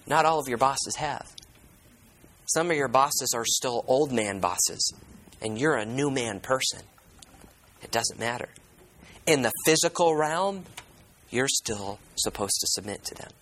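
A male pastor teaching from the pulpit in a voice of middling pitch. He reads each verse aloud and then unpacks it, repeating his key words. He turns to the congregation with questions and echoes their answers back to them. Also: animated, a little slow, long pauses, a bit bright. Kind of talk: sermon.

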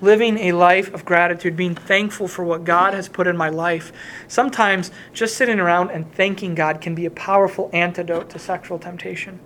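A man's voice: sits high, steady tone, normal speed, sharp tone, slight background noise. A man preaching a sermon, earnest and repetitive, quoting scripture.

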